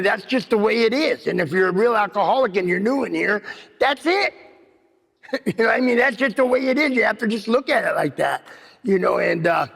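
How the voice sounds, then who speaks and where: A man's voice: high voice, vocal fry, a bit bright. A man giving a rambling personal recovery share at a meeting, full of "you know what I mean.". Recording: long hall reverb.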